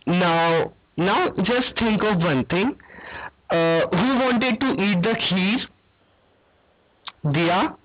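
A woman's voice: mid-range voice, animated, very slow, long pauses. A woman telling a religious story to children, checking in with "okay?" and quizzing her listeners. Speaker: religious teacher. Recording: dull lo-fi recording.

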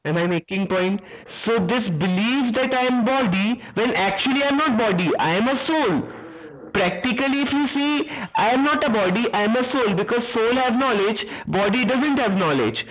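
A woman's voice: on the high side, animated, normal speed, a crowd in the background. Woman teacher quizzing pupils, lo-fi. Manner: asks pupils frequent quiz questions. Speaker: religious teacher. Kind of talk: online class for children.

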